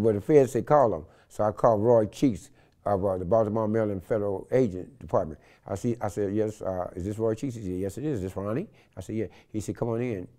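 An older man, telling a wild story in an interview and acting out the voices in it. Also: mid-range voice. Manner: animated storyteller acting out quotes in loud shifts. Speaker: interview guest.

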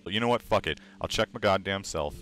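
A young man streaming, ranting loudly and sarcastically with constant swearing. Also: sits low, fairly quick. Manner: loud, sarcastic, swearing freely. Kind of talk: casual profane stream rant.

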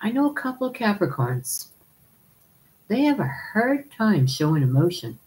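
A woman's voice: medium pitch, big pitch swings, normal speed, a little mellow, rough recording. A woman hosting a live stream, chatting casually, laughing often and calling viewers darling as she reads their comments.

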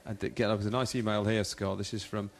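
A man's voice: on the low side, flat delivery, quick pace, creaky, slight background noise. A man presenting a live radio show on location at a ballet company, chatty and joking as he interviews guests and reads out listener texts.

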